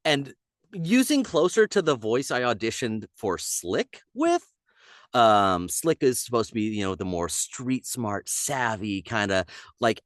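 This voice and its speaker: A man who voices characters, chatting casually on a podcast, animated and slipping into quick character bits. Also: medium pitch, dry recording, clean studio sound. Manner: animated, slips into character voices mid-story. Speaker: voice actor guest.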